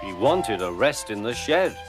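A man giving a measured, expressive storybook narration. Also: fairly low pitch. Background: music.

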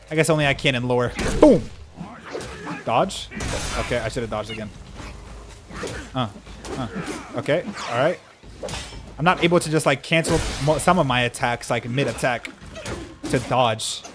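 A young man giving casual, excitable, self-mocking commentary while playing a video game, yelping when he gets hit. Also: mid-range voice, background noise. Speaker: gaming YouTuber.

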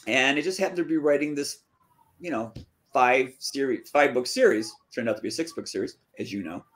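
In an interview, a fantasy author casually recounts the story of his writing career, acting out quoted dialogue with lively jumps in pitch. He speaks briskly.

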